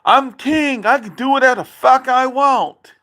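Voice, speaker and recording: A sneering, boastful father's voice pushed up high and sharp, as a man mimics him. It is shrill and bragging, a bitter send-up. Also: moderate pace, exaggerated voice. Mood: mocking. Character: mocking impression of a boastful older father.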